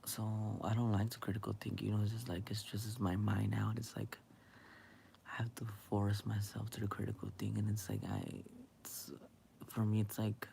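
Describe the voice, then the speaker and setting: A young man rambling in a late-night monologue, hesitant and halting, with many fillers, often dropping into a whisper. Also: fairly low pitch, level tone, creaky, mellow, slight background noise. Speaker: vlogger.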